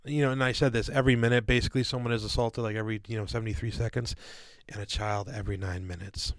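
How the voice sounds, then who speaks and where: With a lowish, fairly even voice and a quick pace, a male podcast co-host rambles casually, stumbling over fillers and restarts. He calls listeners "guys" and "dude," and there's no echo on the recording.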